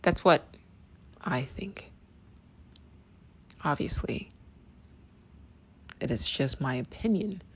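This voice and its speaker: A woman's voice: low-pitched, expressive, slow, long pauses, slight background noise. A woman giving a blunt, profane opinion monologue, often tossing in a rhetorical "right?". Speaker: commentator. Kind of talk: direct-to-camera opinion monologue. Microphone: video call.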